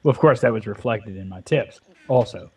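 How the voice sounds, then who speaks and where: A man's voice: fairly low pitch, a little fast, a little mellow, breathy edge. A man in his twenties telling a long, profane rant during casual gaming chat, his mic level fading at times. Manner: profane ranting storyteller. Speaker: Minecraft let's play co-host. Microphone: headset or desk mic, volume fading at times.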